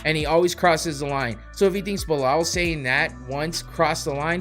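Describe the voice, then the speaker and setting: A man's voice: a little high, normal speed, fairly bright tone, soft background music. Profane, heated man ranting on a podcast. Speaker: podcast host. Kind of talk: casual podcast rant.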